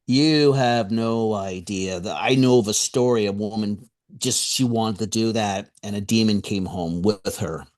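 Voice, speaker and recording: Appearing as a guest on a radio interview, a male author tells a story animatedly, acting out the voices he quotes and chuckling between remarks. His voice is on the low side, a little slow, with hardly any pauses.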